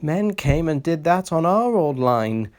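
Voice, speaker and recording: A man voicing a gentle, anxious little male engine in a storybook reading, speaking mournfully. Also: a little high, big pitch swings, unhurried, voice pushed up. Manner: mournful, timid.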